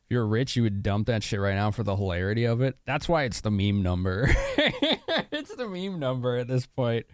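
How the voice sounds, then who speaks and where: A man's voice: medium pitch, very animated, normal speed, dry recording, clean studio sound. A young man from Chicago streaming a game, chatting casually with viewers and laughing often. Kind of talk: casual live-stream commentary.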